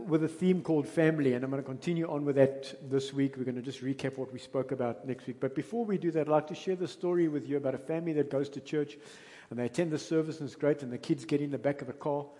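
This pastor speaks fast in a rather high, mellow male voice with a South African English accent. His storytelling sermon is conversational, with bursts of emphasis, and it echoes with the long reverb of a church hall.

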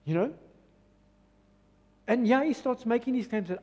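Animated South African preacher in a reverberant hall. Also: male voice, very high voice, normal speed, breathy edge. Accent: South African English. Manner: animated preaching, acting out voices of crowds and doubters. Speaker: pastor. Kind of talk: sermon. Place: church hall.

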